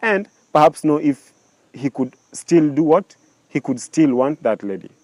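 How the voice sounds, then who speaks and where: A man's voice: on the high side, animated, unhurried, a little mellow, no room sound. A man telling a story casually, with many restarts and rhetorical questions.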